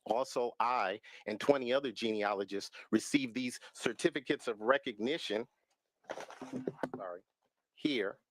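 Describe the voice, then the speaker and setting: A man, a professional genealogist, testifying at a legislative hearing in a measured, firm way from prepared remarks at a public microphone. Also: mid-range voice, no room sound, poor audio. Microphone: standing public microphone.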